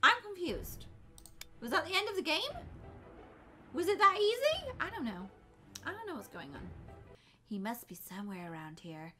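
Young girl gaming, panicky and excitable, music in the background. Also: high-pitched, normal speed, pauses often. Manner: excitable, flustered, bursts into screams. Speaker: gaming YouTuber. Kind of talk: let's play commentary.

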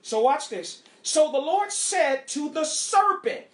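A woman pastor teaching a Bible study in an animated way, asking rhetorical questions and spelling out words. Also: high voice, takes it slowly, echoey room.

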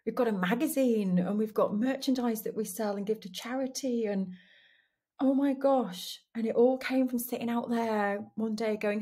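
Candid breathy woman podcast host. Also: on the high side, measured pace, darkish tone. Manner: candid, restarts often, laughs at herself. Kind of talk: reflective solo monologue. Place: dining room at home.

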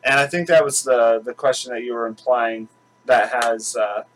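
A man with a bright, forward voice chats casually at home as host of his own channel. He rambles, circling back with fillers and restarts. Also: mid-range voice, steady tone, normal speed, a little hiss or hum, rough recording. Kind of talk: casual chat.

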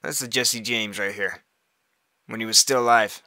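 Giggly man, bright voice, dry sound, gameplay commentary. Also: lowish voice, steady tone, moderate pace, dry recording. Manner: giggly, laughs often, rambling. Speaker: gaming video host.

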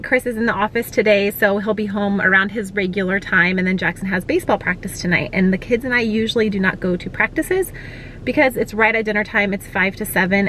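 A woman's voice: medium pitch, bright, forceful tone, slight background noise. A woman in her thirties chatting casually to a handheld phone camera from a parked car, rambling through her day's plans. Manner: chatty and rambling, thinking aloud about plans. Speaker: family vlogger.

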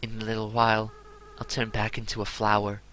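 A man reading aloud the lines of a remorseful young goat monster boy, in a soft, earnest, apologetic way. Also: on the low side, monotone, brisk, a little hiss or hum, close to an everyday voice, poor audio. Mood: farewell. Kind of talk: reading game dialogue aloud.

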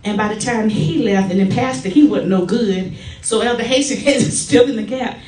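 A middle-aged woman giving a personal testimony at a church service, telling stories in a lively way and acting out the quotes. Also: on the high side, normal speed. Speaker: church member giving a tribute. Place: church sanctuary. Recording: echoey church from far off.

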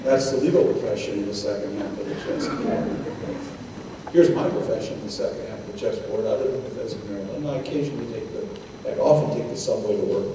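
A man's voice: lowish voice, fast. Older male lecturer, chatty anecdotes, distant in a big echoey room. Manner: anecdotal, conversational, quotes people in dialogue. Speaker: guest lecturer. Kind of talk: storytelling lecture. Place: synagogue hall. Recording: echoey hall, distant mic, noisy.

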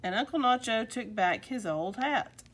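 A woman reading a children's picture book aloud with expressive storytelling delivery. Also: fairly high pitch, normal speed, slight background noise. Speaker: storybook reader.

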